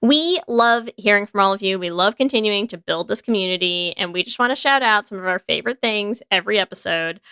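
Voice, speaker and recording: An American woman co-hosting a podcast, upbeat and quick to laugh in casual chat. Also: mid-range voice, pushed and bright, clean tone, dry recording, clean studio sound. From United States. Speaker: podcast co-host.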